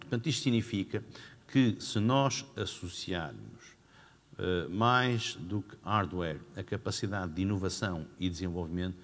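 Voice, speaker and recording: Minister at a panel: very low man, rapid and halting, hall echo. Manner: fast, halting, with many fillers. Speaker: government minister. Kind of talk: public speech at a panel. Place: large hall or hangar. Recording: long hall reverb.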